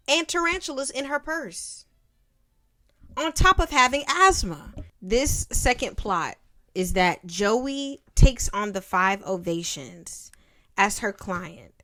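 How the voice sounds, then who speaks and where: A woman's voice: fairly high pitch, pushed and bright. A woman in her twenties giving casual, slangy, sarcastic commentary as she reviews a film she loved as a kid. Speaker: vlogger reviewing a childhood film.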